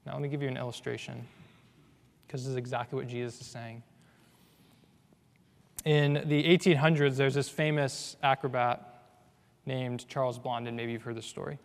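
A man preaching a sermon, earnest, moving between hushed low passages and loud emphatic ones. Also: steady tone, normal speed, creaky, pauses often. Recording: long reverb of a large hall.

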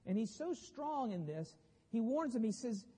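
A man's voice: extremely high pitch, very animated, normal speed, mellow, husky, in a large hall. A man explaining a Bible passage in a conversational teaching style with wry asides.

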